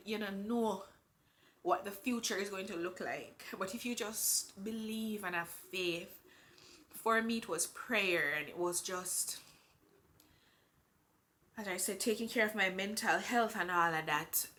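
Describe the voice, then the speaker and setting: Slow, earnest Jamaican woman vlogger. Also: mid-range voice, sharp tone. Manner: earnest, faith-filled, unhurried. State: pregnant. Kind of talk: heartfelt personal vlog talk.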